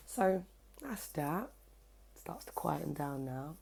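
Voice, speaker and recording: A young woman, telling a story to camera in a casual, cheeky, animated way, swearing freely, at home. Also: low voice, slow, gravelly, long pauses, breathy edge. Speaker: vlogger. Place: at home, indoors by her kitchen window.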